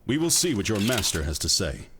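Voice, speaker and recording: An actor playing a terse guard captain in a board game's story app. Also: male voice, fairly low pitch, very animated, brisk, noisy background. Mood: curt.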